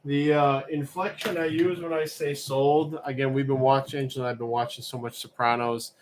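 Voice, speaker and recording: A man's voice: mid-range voice, flat delivery, fairly quick. A man with a mid-range voice hosts a live-streamed auction in a casual, rambling style. He wanders easily between answering viewers' questions and calling the lots, and a faint hum of noise sits under his voice. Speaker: livestream auction host.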